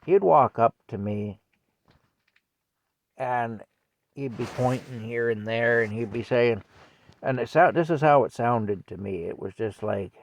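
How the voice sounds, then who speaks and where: Older man, gravelly voice, rambling storyteller. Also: medium pitch, measured pace, long pauses. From Canada. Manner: rambling, chuckling, self-interrupting. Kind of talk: casual storytelling vlog. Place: indoors at home with a cat. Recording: dry, dull lo-fi mic.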